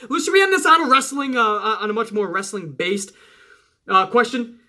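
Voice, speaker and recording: Loud, yelling man ranting about wrestling. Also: extremely high pitch, expressive, moderate pace, long pauses. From Italian-American household. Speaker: wrestling channel host. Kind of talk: casual rant to viewers.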